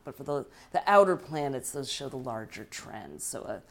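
Low-voiced woman explaining calmly. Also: moderate pace. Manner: explanatory, affirming with frequent mm-hmms. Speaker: astrologer. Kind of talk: casual conversation.

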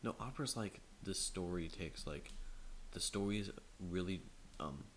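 A man with a very low voice co-hosts a podcast in loose, casual chat. He tells long, rambling stories full of fillers and restarts. A faint hiss sits under the recording. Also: expressive, moderate pace, fairly bright tone. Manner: rambling storyteller, many fillers. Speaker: podcast co-host.

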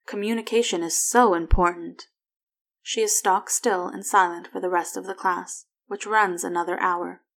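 A woman reads a story aloud in a slightly low voice. Her delivery is soft and even, sinking to a hush in quiet moments. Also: normal speed, vocal fry, few pauses. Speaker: narrator. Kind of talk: fan fiction reading.

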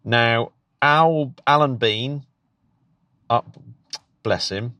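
Very slow, with a mid-range voice that's pushed and bright, a British man who teaches and co-hosts a podcast chats casually and eagerly. He restarts often and laughs a lot, and there's no echo.

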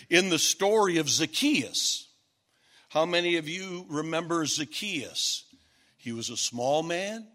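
High, bright-voiced man preaching slowly. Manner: emphatic, rising to shouts at key points; repetitive, stacked phrases. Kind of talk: sermon.

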